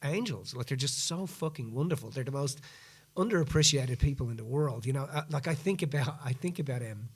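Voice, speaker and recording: A man hosting a podcast tells a story in casual chat, animatedly acting out what people said in the retelling. His voice is medium-pitched, brisk and husky.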